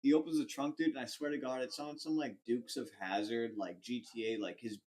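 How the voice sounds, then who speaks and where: A man's voice: mid-range voice, brisk. Rambling young man telling a story. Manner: rambling, animated anecdote with lots of fillers and swearing. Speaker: podcast host. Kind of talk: casual storytelling.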